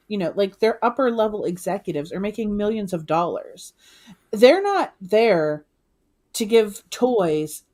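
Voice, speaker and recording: A woman's voice: mid-range voice, a little mellow. A woman co-hosting a live reselling stream, venting at length in a talkative way with many fillers. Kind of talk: casual live-stream chat.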